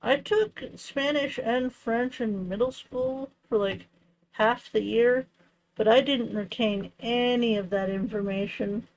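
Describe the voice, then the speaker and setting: A woman's voice: on the high side, slow pace, poor audio. A young woman hosting a crafting livestream, chatting casually and rambling with lots of "like" and "you know". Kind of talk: casual chat while crafting.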